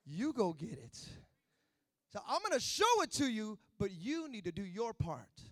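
Calm heavenly father figure, slow firm reassurance, high voice, as a preacher puts him on. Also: no echo, clean studio sound, full character voice. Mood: assuring.

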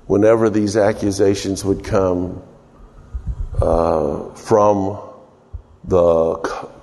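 A man preaching an informal sermon, rambling and unhurried with many fillers, his voice ringing with long hall reverb. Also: low-pitched, warm tone.

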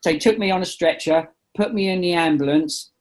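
A middle-aged man, an impressionist, telling a funny story over a video call. He is animated and laughs at his own jokes. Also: high voice, moderate pace. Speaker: impressionist and comedian guest. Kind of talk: casual anecdote telling.

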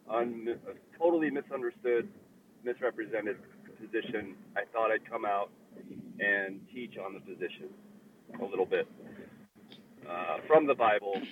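Low, halting man, far off on a tinny phone-like line with faint hiss. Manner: hesitant, halting. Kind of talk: casual group chat.

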